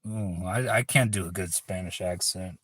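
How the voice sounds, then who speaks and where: A man's voice: low-pitched, normal speed, a bit bright, breathy edge, no echo. A man hosting a livestream in casual chat, laid-back, rambling and profane. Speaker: livestream host.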